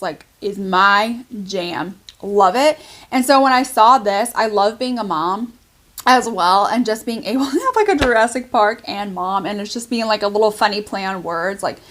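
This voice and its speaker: A woman's voice: mid-range voice, fairly bright tone. A woman hosting her own haul video, talking in a chatty, gushing way with lots of filler words. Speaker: channel host. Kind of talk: casual haul vlog.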